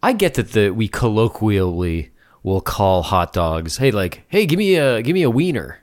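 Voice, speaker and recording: Male podcast co-host, low voice that swings widely, playful and questioning. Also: sing-song, normal speed, darkish tone. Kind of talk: casual chat.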